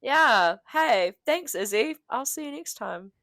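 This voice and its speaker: A woman with a New Zealand accent trades jokey banter as a podcast co-host. Her voice sits a touch high and swings widely in pitch. The sound is dry and close. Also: lively intonation, slow, a bit bright, no echo. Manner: chatty, laughs often, jokey asides. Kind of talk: casual chat.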